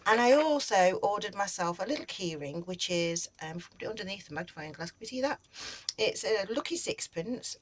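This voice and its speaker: A woman who makes crochet videos, halting and teary as she talks through an unboxing, with many ums and restarts. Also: lowish voice, rough recording. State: teary and emotional. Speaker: crochet YouTuber. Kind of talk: casual unboxing vlog.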